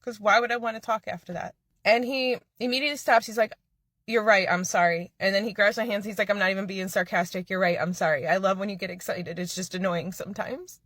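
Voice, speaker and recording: A woman's voice: medium pitch, fairly even intonation, fast talker, a bit bright, no room sound. A woman earnestly recounting a personal story to the camera.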